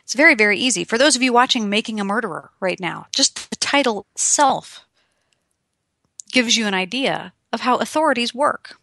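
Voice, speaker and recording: A young adult woman talks straight to the listener in a lively, emphatic motivational style. Her voice is bright and forward, and the recording is dry and close. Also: a little high, moderate pace, creaky, no room sound. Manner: emphatic, animated, addresses the listener directly. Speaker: motivational speaker. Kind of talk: direct-to-camera motivational talk.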